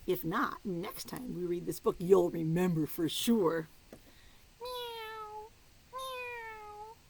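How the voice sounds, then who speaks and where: A woman's voice: fairly low pitch, unhurried, darkish tone, slight background noise, low-quality recording. A woman teacher reading a picture book aloud to small children, playful and coaxing, dropping to a whisper for the riddle clues. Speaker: preschool teacher.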